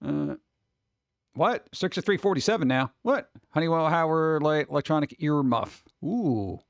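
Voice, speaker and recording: A man's voice: on the high side, expressive, moderate pace, gravelly, dry recording, highs cut off. A man chatting casually with his stream chat, rambling with many restarts. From New York. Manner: rambling, restarts, mimics people in quotes.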